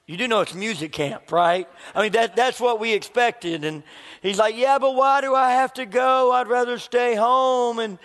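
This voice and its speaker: A man's voice: high-pitched, long reverb tail. A middle-aged man, a pastor, preaching a sermon and telling a family story, acting out the dialogue.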